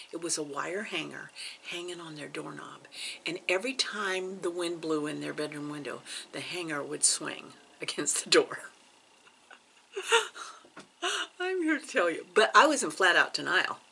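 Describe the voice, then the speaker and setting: A woman tells a story slowly for her vlog, her low-leaning voice carrying a gravelly edge. Her tone is bright, and she drops into hushed asides for drama. A faint noise hums behind her. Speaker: cross stitch vlogger.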